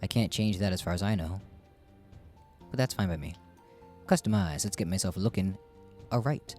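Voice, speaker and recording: A man rambles and jokes about himself while casually commenting on a game he's streaming. His low, slightly mellow voice moves at a moderate pace over soft background music.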